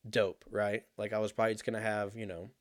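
A young man telling a rambling, profane story in a casual monologue, animated and laughing at himself. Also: fairly low pitch, fast, dry recording, studio quality.

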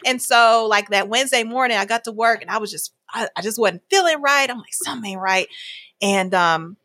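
A woman with a bright, crisp tone recounts events in a lively, conversational way. She acts out the voices of people in her story, and the sound is dry and close. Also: on the high side, a little fast, no echo. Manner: animated, acts out quoted dialogue with frequent laughs. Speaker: guest telling her story.

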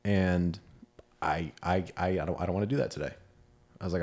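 A man's voice: deep voice, animated, fast talker, a little mellow. A man co-hosting a podcast, frankly recounting a conversation in casual chat and swearing now and then. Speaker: podcast co-host.

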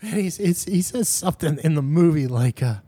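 A man's voice: a little high, expressive, brisk, mellow, breathy edge, no room sound. A man with a Southern US accent from Louisiana, co-hosting a casual movie chat, laughing often. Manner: chatty, laughs often, breaks into a broad put-on Southern movie drawl. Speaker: podcast co-host.

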